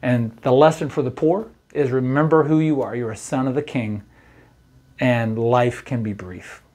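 Folksy middle-aged pastor giving a devotional. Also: male voice, mid-range voice, steady tone, normal speed, a little mellow. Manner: conversational, folksy, often asks "right?". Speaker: campus pastor. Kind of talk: daily devotional talk.

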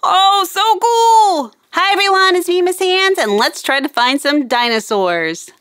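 Brief: woman host for children, bright and crisp, unhurried sing-song narration. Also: very high voice, lively intonation. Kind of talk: slow kid-directed narration.

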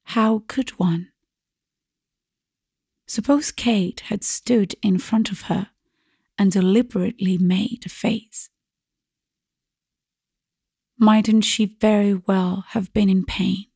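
Woman, audiobook narrator, measured, husky, dark mellow tone, dry recording. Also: medium pitch, fairly even intonation, dry recording. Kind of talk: scripted narration of a classic story.

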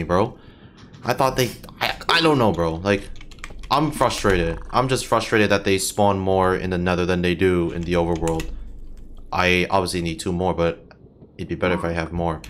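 A young man with a lowish voice talks his way through a game in loose, frustrated commentary. He swears constantly and yelps sharply at every hit. Faint game sounds sit quietly under his voice. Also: fairly even intonation, normal speed, slight background noise. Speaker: gaming channel host. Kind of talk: casual gameplay commentary.

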